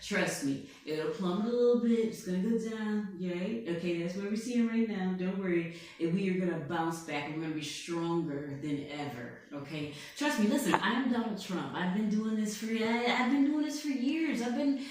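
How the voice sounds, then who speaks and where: A woman's voice: mid-range voice, lively intonation, moderate pace, few pauses, a little mellow, close to an everyday voice. A woman doing a bragging male president impression. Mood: boastful. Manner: bragging, rambling, repeats "okay?". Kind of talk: comedy sketch impression. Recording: echoey room, distant mic.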